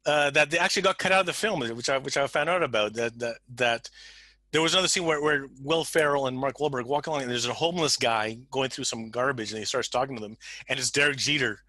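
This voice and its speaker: A man hosting a relaxed sports podcast, his voice bright and forward. He rambles with many restarts, retelling film scenes with quick quoted lines. The sound is dry and close. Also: medium pitch, no room sound, poor audio. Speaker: podcast host. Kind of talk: casual chat.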